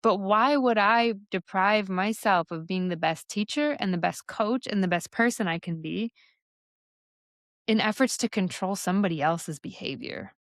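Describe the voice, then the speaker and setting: On her solo podcast, a young adult somatic embodiment coach muses frankly about her work in a relaxed, filler-heavy monologue. She speaks at a moderate pace in a medium-pitched voice with lively intonation. Clean studio audio, no echo.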